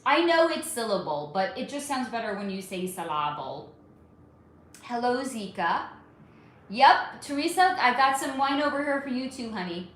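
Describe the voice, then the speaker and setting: A woman hosts a live stream, chatting casually, reading viewer comments, swearing freely, and calling people honey. Her fairly high, slightly bright voice swings widely in pitch at a normal speed, in a very echoey room with a faint hum behind her.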